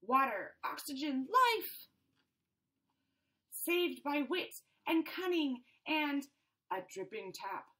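A woman doing a frantic squeaky little fish. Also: very animated, takes it slowly, long pauses, sharp tone, full character voice. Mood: panicky. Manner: theatrical, over-the-top gasping. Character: frantic, melodramatic little fish stranded out of water. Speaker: storybook reader. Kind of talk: reading a picture book aloud.

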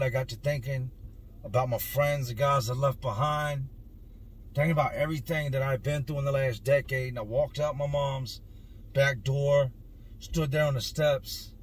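A man's voice: medium pitch, husky. Earnest man telling his own story. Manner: earnest, emotional, stretches words for emphasis. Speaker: vlogger. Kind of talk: personal storytelling to camera.

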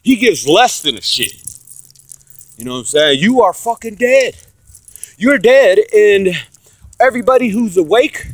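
A man ranting profanely and aggressively about God and church, swinging from loud outbursts to low muttering. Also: big pitch swings, normal speed, long pauses. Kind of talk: profane religious rant to camera.

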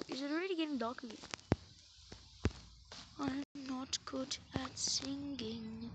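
High, slow-talking woman gaming. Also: muffled recording. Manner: rambling, hums and sings to self, drops into whispered asides. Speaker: gaming channel host. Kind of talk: casual gameplay commentary. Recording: noisy background.

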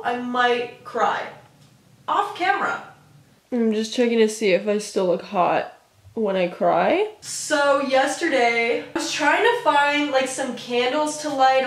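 A young woman vlogging from her room at home, chatting casually and swearing now and then, recorded on the camera's own mic. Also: sits high. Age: young adult. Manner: casual, swearing, lots of "like" and "literally". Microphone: camera mic, no external mic. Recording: roomy, distant camera audio.

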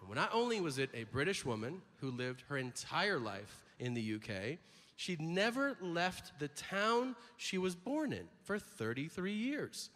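A male stand-up comedian delivering crude, punchy bits in a fairly high voice that swings up and down. He talks slowly and laughs through his own lines. A long hall reverb and steady audience noise surround him. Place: large live comedy venue.

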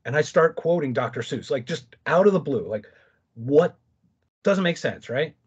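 A man telling stories as a podcast guest in casual conversation, animated, with quick asides and restarts. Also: a little high, breathy edge, highs cut off.

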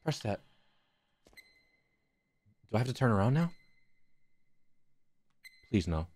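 A man's voice: medium pitch, animated, normal speed, darkish tone. A young man streaming a horror game, cracking crude jokes to his chat and muttering nervously to himself. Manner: jokey, profane, talks to chat. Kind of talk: live gaming commentary.

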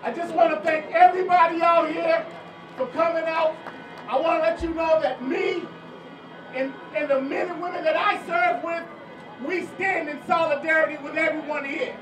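A man's voice: very high-pitched, fairly even intonation, moderate pace, distant mic, music in the background. A man, a police officer, speaking earnestly and plainly to a rally crowd, raising his voice to be heard outdoors. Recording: echoey PA from afar, loud crowd. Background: loud cheering crowd.

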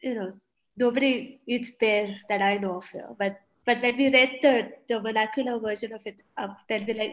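A woman's voice: on the high side, fairly even intonation, normal speed, rough recording. A woman with an Indian English accent presenting on a panel, chatty and full of fillers.

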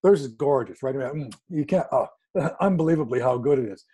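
A man telling a story in a casual, animated way, acting out quoted dialogue with sudden jumps in pitch. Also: a little fast, breathy edge. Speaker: guest speaker.

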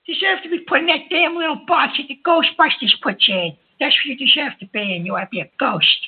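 Someone doing a shrill hot-tempered uncle. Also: fast. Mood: ranting. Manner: hot-tempered, scolding, cuts callers off. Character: excitable Italian-American uncle, a man. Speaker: call-in show host. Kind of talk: prank call-in radio banter. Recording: tinny phone-line sound.

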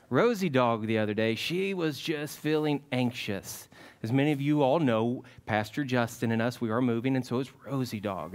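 Folksy man telling kids a story. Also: fairly high pitch. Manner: folksy, animated storytelling to children. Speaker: children's message leader at church. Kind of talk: children's sermon with storytelling. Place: church sanctuary.

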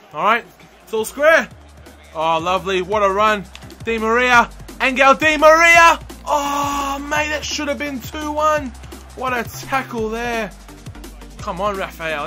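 A young man giving excitable live commentary over his own football video game, shouting and groaning as the match unfolds. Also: extremely high pitch, a little slow. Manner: animated, shouts and groans at the action. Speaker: gaming commentator. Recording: faint music underneath.

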